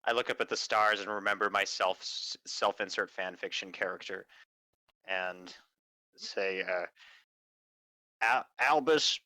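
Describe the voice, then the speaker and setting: Man, player, playful jokey delivery, bright tone, dry sound. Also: normal speed, no room sound, poor audio. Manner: jokey, laughing, lively swings in pitch. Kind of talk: casual tabletop role-play.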